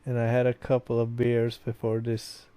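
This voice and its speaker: A man's voice: medium pitch, completely flat delivery, normal speed, dark tone, clear, resonant tone, no room sound. A young man, a bit tipsy, rambling casually as he plays and reads a visual novel aloud. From Sweden. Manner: rambling and casual, with many fillers. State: tipsy from beer. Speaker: gaming video host. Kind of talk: let's play commentary, reading a visual novel aloud.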